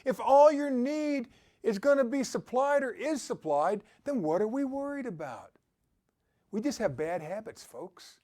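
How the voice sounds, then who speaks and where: A man's voice: extremely high pitch, lively intonation, a little slow, warm tone. A man giving an upbeat motivational talk who exhorts his listeners and often laughs. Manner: quotes scripture. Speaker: motivational speaker.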